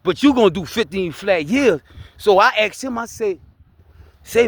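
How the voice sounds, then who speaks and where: A man with a Louisiana accent speaks in a fairly high voice, recorded close and dry. He talks in loose street slang with a preaching edge, checking in with his listener over and over. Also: animated, normal speed, no room sound. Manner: preachy street talk, keeps repeating "you heard me?". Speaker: vlogger sharing his life story. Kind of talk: casual motivational talk.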